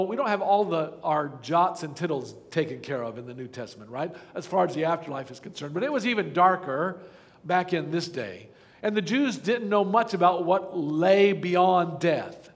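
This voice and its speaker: A man's voice: high voice, big-room sound. A man preaching a sermon as pastor, earnest and pleading, often asking the congregation questions. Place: church sanctuary.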